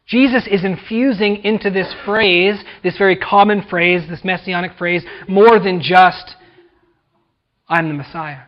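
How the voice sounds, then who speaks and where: A man's voice: high voice, fairly even intonation, a little slow, hardly any pauses, dull audio. An American man preaching a sermon as pastor, dramatically acting out the voices he quotes. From United States.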